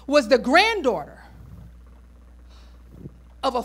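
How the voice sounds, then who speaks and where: Woman, pastor, high-pitched, casual preaching, asides to the congregation. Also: animated, unhurried. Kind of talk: sermon.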